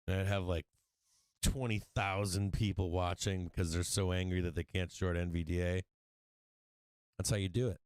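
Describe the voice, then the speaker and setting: A man's voice: low voice, flat delivery, moderate pace, clear, resonant tone, no room sound. A man hosting a stock market livestream, talking casually and bluntly, swearing often and laughing a lot. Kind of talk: casual trading livestream talk.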